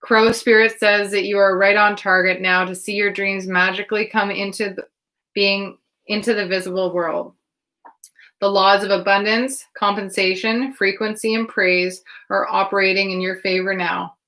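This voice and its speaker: A woman reading oracle cards and telling casual stories in an animated way, swearing freely and laughing along. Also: medium pitch, moderate pace, low-quality recording. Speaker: tarot reader.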